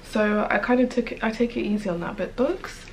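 A young woman chatting casually in a home vlog about a book she loves, gushing and excited, and sometimes dropping to a soft whisper. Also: fairly high pitch, brisk, noisy background. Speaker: book vlogger.

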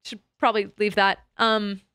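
A woman streaming a game, chatting with her audience in a giggly, excitable way full of crude jokes. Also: mid-range voice, moderate pace, clean tone, no echo, studio quality. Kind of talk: casual live-stream chat.

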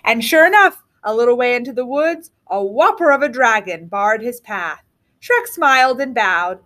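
A woman teacher reads a picture book aloud, telling the story expressively at a normal speed. Her voice sits on the higher side and swings widely in pitch.

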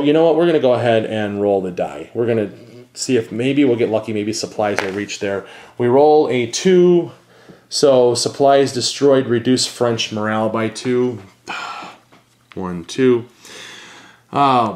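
A man's voice: on the low side, a little mellow. A man hosting a board game channel, thinking aloud with many fillers and reading cards as he plays a solo game.

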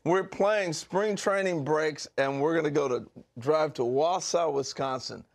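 A male radio host tells a story in a casual, animated way. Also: a little high, measured pace, gravelly. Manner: animated storyteller, acts out yelling.

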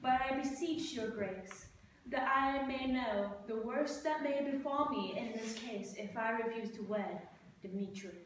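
A young woman pleads respectfully with her duke, read by a female student at rehearsal. Her lines come high and slow. The voice is distant in an echoey room. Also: lightly acted. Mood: pleading. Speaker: student actor. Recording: echoey room, distant mic, faint hiss.

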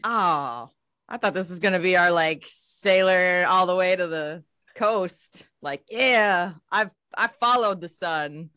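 A woman's voice: lowish voice, slow, pushed and bright, dry recording, clean studio sound. A woman co-hosting a podcast, chiming in with wry quips. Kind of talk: casual chat.

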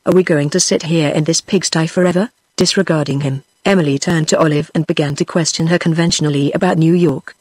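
A woman's voice: deep voice, brisk, few pauses, breathy edge, dry recording. Synthetic British woman reading a story. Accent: British English. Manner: even synthetic reading, all characters in one voice. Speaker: audiobook narrator. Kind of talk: text-to-speech book reading.

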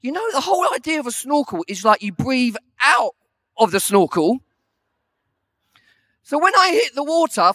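A man giving a humorous sermon with a high, bright voice, laughing at himself as he tells a story. He sounds lively and animated, and the recording is dry and close. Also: dry recording. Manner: animated, self-deprecating storytelling. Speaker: preacher.

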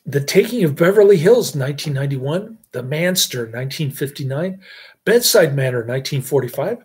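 A man's voice: a little high, lively intonation, normal speed, long pauses, a little mellow, breathy edge. A middle-aged man hosting a casual movie review chat, rambling with fillers and chuckles.

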